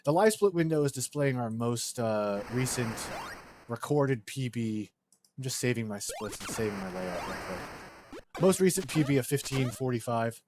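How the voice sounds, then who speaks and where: A man's voice: mid-range voice, lively intonation, normal speed, noisy background. A man live-streaming a speedrun, chatting casually and joking with his viewers.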